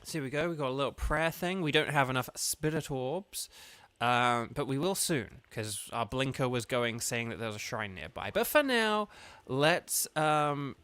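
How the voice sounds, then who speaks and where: A man's voice: mid-range voice, moderate pace, fairly bright tone, clear, resonant tone, no room sound. A man casually commentating a video game stream, playful and goofy with lots of ums. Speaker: gaming streamer. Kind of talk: casual let's-play commentary.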